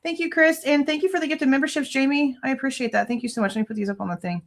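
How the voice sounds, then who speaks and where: A woman's voice: high-pitched, rapid-fire. A woman in her thirties hosting a true crime livestream, venting angrily with frequent swearing in casual commentary.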